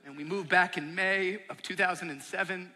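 A man's voice: high-pitched, moderate pace, pushed and bright. A man in his thirties, a pastor giving a sermon, telling his church's story earnestly and building to emphatic peaks. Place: large church auditorium. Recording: long hall reverb from a large auditorium.

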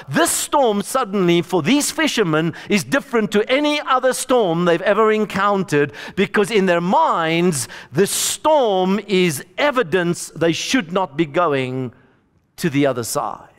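Animated preacher in a reverberant hall. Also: male voice, sits high. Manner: storytelling preacher, acts out voices of the disciples and Jesus. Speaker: pastor. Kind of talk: sermon.

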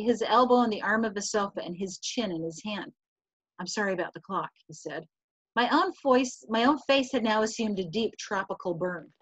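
A woman's voice: mid-range voice, a bit bright, no room sound. A woman teacher reading a novel passage aloud to her class, then talking it through, with a few slips and restarts. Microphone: video call. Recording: dull, lo-fi video call audio.

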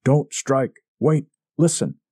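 A man's voice: mid-range voice, slow, dark tone, husky, no room sound, voice pushed up. A man reading a story, voicing a frightened, scheming murderer who pleads in a feverish, breathless manner. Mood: pleading. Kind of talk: audiobook character reading.

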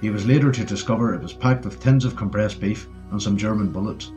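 Man reading a war audiobook, low voice, muffled sound, quiet music behind. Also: fairly quick. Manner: steady storytelling. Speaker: audiobook narrator. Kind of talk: scripted narration. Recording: dull lo-fi audio with faint music.

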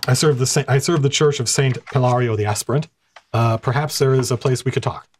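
A man voicing a courteous, slightly fussy male abbot in a tabletop game, in a mid-pitched voice. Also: steady tone, brisk, a little hiss or hum, close to an everyday voice. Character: polite flustered male abbot, a churchman.

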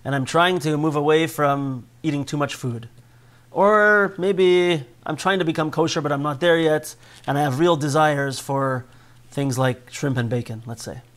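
A man giving a conversational Torah lecture, often checking in with his listeners and swinging between calm, quiet explanation and raised, urgent passages. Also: fairly high pitch, moderate pace. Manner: frequent tag questions to listeners. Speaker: Torah class teacher.

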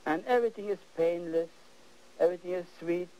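An older man hosting a TV painting lesson, exuberant and animated, repeating words as he works, on worn 1980s videotape audio. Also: sits high, a little fast, muffled recording. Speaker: painting show host.

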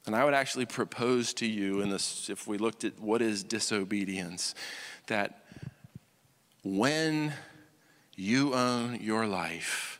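A man preaching a sermon as pastor, talking conversationally and checking in with listeners. He swings between loud, animated stretches and hushed, quiet ones. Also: fairly low pitch, slow, in a large hall. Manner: acts out quoted voices, swings from loud to hushed. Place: church sanctuary.

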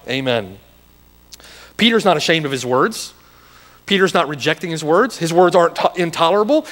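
A man's voice: fairly high pitch, expressive, moderate pace, long pauses, fairly bright tone, long reverb tail. A man preaching a sermon as pastor, building into urgent, challenging rhetorical questions. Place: church sanctuary.

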